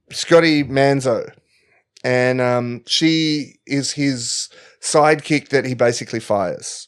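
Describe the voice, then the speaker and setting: A man's voice: medium pitch, clean tone. Rambling man telling a comic story. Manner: rambling, jokey, many fillers and restarts. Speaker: podcast co-host.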